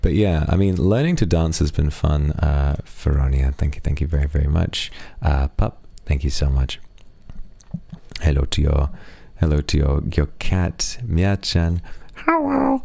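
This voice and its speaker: This streamer has a very deep, gravelly, mellow voice and speaks a little slowly over a dry recording. He casually thanks donors during his live stream and chats with playful, affectionate asides.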